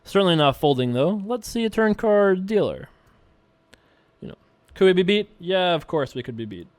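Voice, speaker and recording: A young man in casual commentary, talking through his poker hands and thinking out loud with playful asides. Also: sits high, sing-song, normal speed, no echo. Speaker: poker streamer and show host. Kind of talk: casual commentary while playing online poker.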